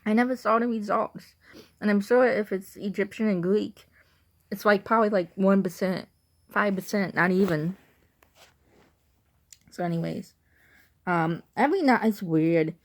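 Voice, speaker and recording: A woman's voice: mid-range voice, measured pace, pauses often. A young woman from Illinois with an Illinois accent, rambling through a casual vlog monologue with lots of "like" and restarts. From Illinois, USA. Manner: chatty, full of "like" and restarts. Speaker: vlogger.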